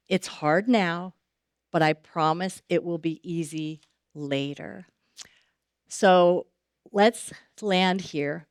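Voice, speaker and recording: Middle-aged woman, church speaker; conversational, animated preaching; smooth, dry sound. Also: on the low side, unhurried, no room sound. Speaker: guest speaker. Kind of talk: sermon.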